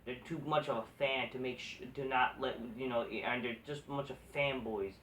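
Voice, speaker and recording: A man's voice: medium pitch, steady tone, moderate pace, fairly bright tone, a little hiss or hum. A man ranting casually and profanely about wrestling news, rambling and exasperated, with lots of restarts. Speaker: wrestling commentary vlogger. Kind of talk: casual rant. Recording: echoey room from far off the mic.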